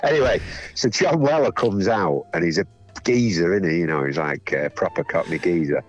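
A man's voice: low-pitched, lively intonation, normal speed. A man with a Northern English accent, rambling through a casual anecdote with lots of fillers. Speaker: musician guest. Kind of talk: casual chat. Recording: dull lo-fi sound, faint music.

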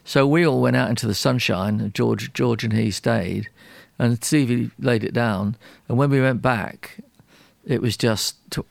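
A man, a record producer, telling a story in an interview, animated and self-deprecating, with frequent restarts. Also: mid-range voice, a little slow, vocal fry, no echo, studio quality. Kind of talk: anecdotal storytelling in a radio interview.

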